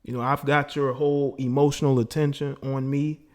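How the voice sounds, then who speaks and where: A man's voice: mid-range voice, little pitch movement, brisk, darkish tone. A man hosting a casual call-in livestream, boastful and laughing as he talks to his chat and callers. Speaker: livestream host taking call-ins.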